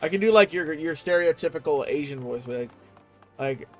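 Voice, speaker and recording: A man's voice: fairly high pitch, expressive, normal speed, faint music behind. A young man streaming a video game, cursing and joking casually while reading the game text aloud. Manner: profane, joking, often laughing, reads game text aloud. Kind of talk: casual gaming livestream commentary.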